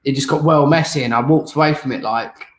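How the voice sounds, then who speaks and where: A man's voice: mid-range voice, reverberant, poor audio. Blunt, sweary man co-hosting. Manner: blunt, sweary, fast bursts. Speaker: co-host. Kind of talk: casual chat.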